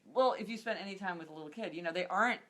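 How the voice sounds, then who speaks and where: A woman interviewer in a casual chat, talking chattily and jumping in with quick interjections. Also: fairly low pitch, a bit bright.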